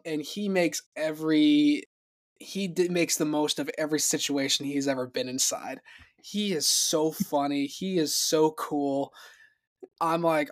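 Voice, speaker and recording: A young man telling rambling stories in a casual podcast chat, laughing often and acting out quotes. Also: fairly high pitch. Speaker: podcast guest.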